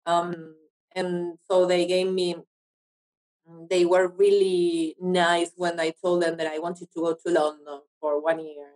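An actress from Argentina with an Argentinian Spanish accent, speaking English as a second language in a casual interview, often pausing to search for words. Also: female voice, lowish voice, level tone, darkish tone, rough recording. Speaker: actress guest.

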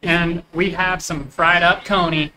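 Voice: mid-range voice, fairly even intonation, a little slow. Brief: friendly tabletop player, mid-range voice, noisy recording. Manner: friendly, laughing, reassuring. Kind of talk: tabletop role-play chat.

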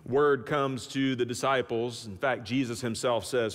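A man preaching a sermon as pastor, telling the story in an animated, folksy way with humorous asides. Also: measured pace. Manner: animated storytelling with big swings in pitch and loudness. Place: church sanctuary. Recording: long church-hall reverb.

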